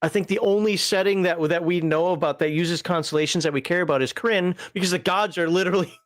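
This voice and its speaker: A man co-hosting a relaxed tabletop gaming talk show, rambling with frequent laughs and fillers. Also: high voice, quick pace, no room sound, studio quality. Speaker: podcast co-host reviewing a tabletop magazine. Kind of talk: casual chat.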